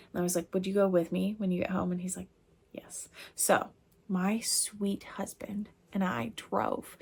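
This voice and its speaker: Chatty woman with a creaky voice. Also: mid-range voice. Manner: rambling, chatty, lots of fillers; giggly, laughing hard. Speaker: crochet designer and vlogger. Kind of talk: casual chat to camera.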